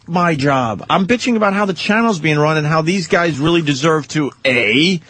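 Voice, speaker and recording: Husky guy radio host, ranting casual, voice jumps all over, dry close mic. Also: normal speed, no room sound. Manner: animated, swings high when fired up.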